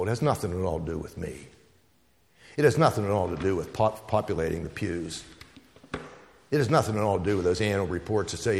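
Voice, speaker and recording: A man's voice: sits low, expressive, normal speed, a little mellow, long reverb tail. A man preaching a sermon, telling stories and hammering home repeated phrases. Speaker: pastor.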